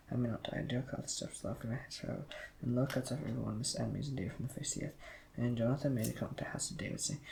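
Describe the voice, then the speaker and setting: Very fast, gravelly man reading scripture. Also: mid-range voice, a little mellow, slight background noise, low-quality recording. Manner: rushed reading with slips and restarts. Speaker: Bible reader.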